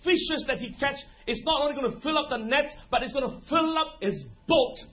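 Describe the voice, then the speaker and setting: Male preacher, short punchy lines paced for an interpreter, a bit lo-fi. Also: extremely high pitch. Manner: preaching in short phrases, pausing for translation. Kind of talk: sermon with interpreter.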